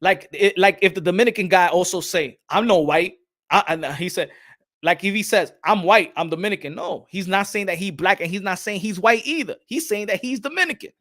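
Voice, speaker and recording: A man hosts a podcast in a casual, animated way, repeating words and acting out little exchanges. He slips into Spanish phrases now and then, and his voice sits a little on the high side. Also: a little fast. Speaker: podcast host. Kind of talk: casual talk.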